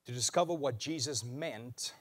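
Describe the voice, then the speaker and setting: A man preaching a sermon as a pastor, emphatic, slowing down and repeating key lines for weight. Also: mid-range voice, a bit bright.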